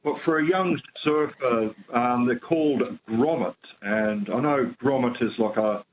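A man's voice: mid-range voice, a little slow. A man calling in to a radio show, hesitant and searching for words. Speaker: caller. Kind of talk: phone-in question. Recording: dull phone-in line with faint noise.

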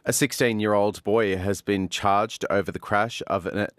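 Deep-voiced male newsreader. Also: fairly even intonation, fairly bright tone, no room sound. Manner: measured, formal delivery. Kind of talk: radio news bulletin.

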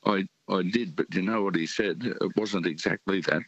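An older Australian man calling in to a radio show, talking in halting phrases with many fillers. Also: low voice, dry recording. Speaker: caller. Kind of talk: casual radio call-in chat. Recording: muffled phone line.

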